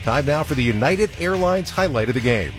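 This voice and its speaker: A man hosting a radio football broadcast, recapping the game in a smooth, measured way. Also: medium pitch, lively intonation, over music. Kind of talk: radio sports wrap-up.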